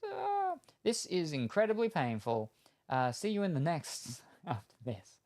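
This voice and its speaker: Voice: mid-range voice, huge pitch swings, a little slow, a little mellow, dry recording, clean studio sound. A game streamer with an Australian accent, chatting casually and rambling, full of ums while answering chat. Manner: rambling and hesitant, many ums.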